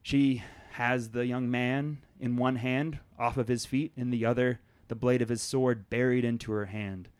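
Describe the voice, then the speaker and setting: A man's voice: mid-range voice, fairly even intonation, moderate pace, hardly any pauses, darkish tone, smooth. A man narrating scenes as game master in a tabletop game, telling the story descriptively.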